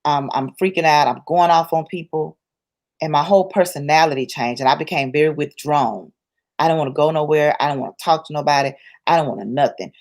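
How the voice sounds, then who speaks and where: Woman guest, emphatic testimony voice, slightly low-pitched, colloquial and churchy. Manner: emphatic, repetitive storytelling; colloquial, church-rooted speech. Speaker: interview guest. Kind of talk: personal testimony in conversation.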